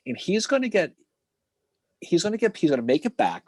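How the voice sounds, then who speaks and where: Animated husky-voiced man telling history. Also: high voice, a little fast, no echo. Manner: animated storytelling with acted-out quotes and swearing. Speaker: podcast co-host. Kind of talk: casual history podcast chat.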